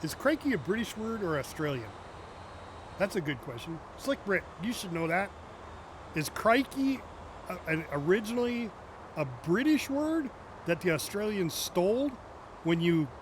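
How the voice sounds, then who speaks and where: A man with a fairly high voice rambles through casual chat while he plays a driving game. He jokes, laughs often, and throws asides to his viewers. A faint hiss sits under his voice. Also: very animated, measured pace, pauses often. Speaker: game streamer.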